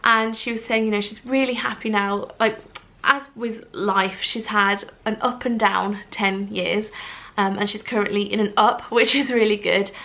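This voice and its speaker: A woman, chatting casually in a vlog, bubbly and gushing, her voice leaping up when excited. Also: mid-range voice, moderate pace, creaky. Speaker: vlogger. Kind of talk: casual chat.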